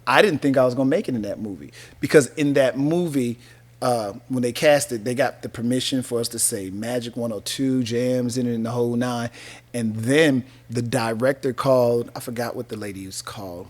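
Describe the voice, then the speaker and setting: A man in his fifties from North Carolina spins stories from his radio days in a relaxed sit-down interview. He talks in an easy, slangy way, laughing as he goes, at a middle pitch that rises and falls freely. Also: normal speed. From North Carolina, USA. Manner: animated, laughing storyteller using casual slang. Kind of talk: casual interview storytelling.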